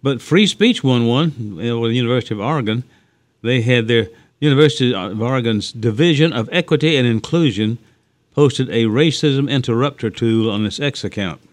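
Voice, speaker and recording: A male radio co-host in easygoing, rambling talk, full of fillers and restarts. His voice sits at a middle pitch for a man, plain and conversational. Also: brisk. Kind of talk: casual talk radio chat.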